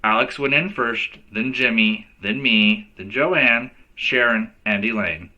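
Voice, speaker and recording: A man's voice: medium pitch, slow, lo-fi sound. A male teacher reading a children's novel aloud to kids, giving each character a voice. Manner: lively storyteller who voices each character.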